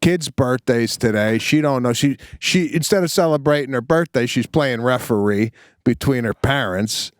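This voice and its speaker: A man co-hosting a comedy podcast who teases and questions his partner with deadpan ribbing. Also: medium pitch, normal speed, clear, resonant tone, dry recording, studio quality. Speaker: podcast co-host. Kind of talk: casual comedic chat.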